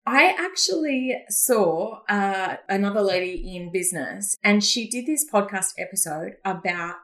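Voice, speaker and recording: A woman's voice: medium pitch, measured pace. A woman with a Queensland Australian accent, a guest in an interview, telling stories with energy and frequent laughs. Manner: energetic storyteller who laughs often. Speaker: podcast guest, business coach. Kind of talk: casual interview chat.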